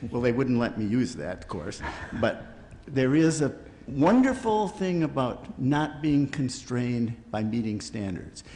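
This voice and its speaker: Man, forceful opinionated panel talk, mid pitch, long hall reverb. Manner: emphatic, opinionated. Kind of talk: panel discussion argument.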